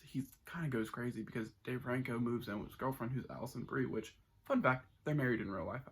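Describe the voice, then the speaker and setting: Husky young man rambling about a movie. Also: mid-range voice. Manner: rambling, enthusiastic, with frequent restarts. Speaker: movie reviewer. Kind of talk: casual spoken review.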